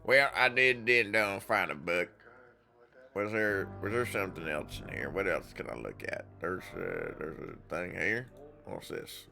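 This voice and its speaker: Young male streamer, gravelly and bright, reads game text with casual swearing, faint game music underneath. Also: low-pitched, animated, measured pace. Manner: casual, profane asides. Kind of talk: live game streaming, reading game text aloud.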